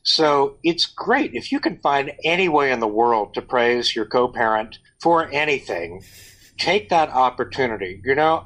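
A man's voice: medium pitch, very animated, a little slow, a bit bright, rough recording. A middle-aged man in casual conversation, giving earnest parenting advice. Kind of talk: casual chat.

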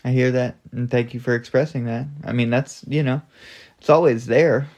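A man in his thirties with a mid-range voice co-hosts a casual podcast conversation. He talks in a reflective, measured way and thinks ideas through as he goes. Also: mid-range voice, steady tone, a little mellow. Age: 30s. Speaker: podcast co-host.

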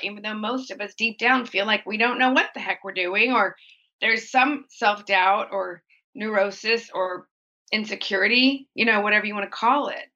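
A woman's voice: mid-range voice, sharp tone, lo-fi sound. A woman talking candidly as an interview guest. She is open and reflective, and she acts out her own inner thoughts in livelier voices.

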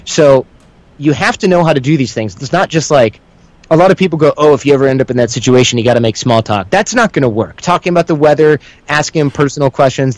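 A man's voice: mid-range voice, no echo, poor audio. Chatty guy rambling through a story, calls himself a windbag, dry close mic. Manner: rambling, self-described windbag; acts out quoted voices within anecdotes. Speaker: guest, instructor. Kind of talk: conversational storytelling.

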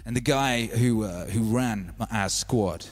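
A man's voice: on the low side, unhurried. A man with a British accent hosting a music stream, telling stories in a rambling, casual way full of "you know". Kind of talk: casual storytelling.

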